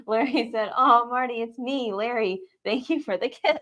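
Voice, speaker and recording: A woman's voice: on the high side, a little slow, a bit bright. A woman co-hosting a trivia livestream, running the game and reading out what players say in casual chat. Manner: reads out players' comments and fusses with the game screen.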